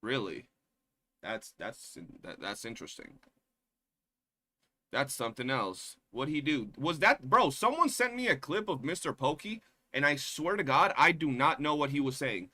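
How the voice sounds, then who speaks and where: Young man, streamer, bright tense voice, slightly high pitch, slangy profane rant. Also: moderate pace. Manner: slangy, profane, animated rants with mocking voices. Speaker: streamer reacting to drama. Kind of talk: casual reaction stream chat.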